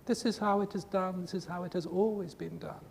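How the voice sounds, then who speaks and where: A man giving an earnest spiritual talk to a group, with emphatic, repetitive phrasing, recorded in a reverberant hall with a faint rumble. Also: fairly even intonation, fairly quick, vocal fry. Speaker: spiritual teacher.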